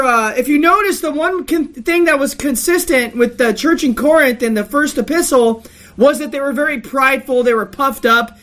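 High-voiced woman preaching emphatically. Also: fairly bright tone. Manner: emphatic, rebuking. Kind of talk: sermon with Bible reading.

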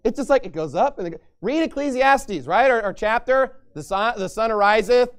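Male pastor, high-pitched, emphatic preacher; reads scripture aloud. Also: expressive, brisk, clear, resonant tone. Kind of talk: sermon.

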